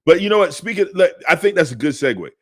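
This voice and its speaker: Animated joking man co-hosting a podcast. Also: sits high. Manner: animated, joking, drawn-out storytelling. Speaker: podcast co-host. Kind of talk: casual chat.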